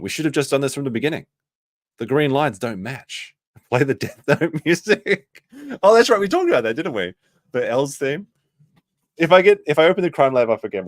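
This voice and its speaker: A man's voice: mid-range voice, no room sound, clean studio sound. A man hosting a casual commentary stream, reading chat messages aloud and joking about clips.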